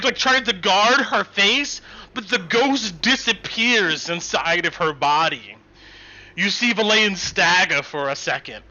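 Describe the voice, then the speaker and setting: Slow, bright-voiced male game master. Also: high voice, muffled recording. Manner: halting, hesitant narration with fillers and restarts. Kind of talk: narrating a tabletop game online.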